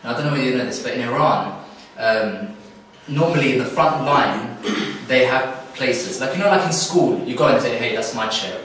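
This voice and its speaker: A man's voice: mid-range voice, normal speed, few pauses, recorded from a distance, a little hiss or hum. Young man telling a story in an echoey hall. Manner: animated, acts out characters in the story. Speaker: camp speaker. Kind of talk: storytelling religious talk. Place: hall at a youth camp.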